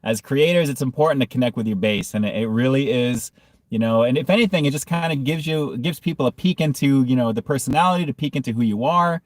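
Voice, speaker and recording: A man's voice: medium pitch, fast talker, no room sound, studio quality. A man hosting a casual food review livestream, reading chat comments and often breaking into hard laughter.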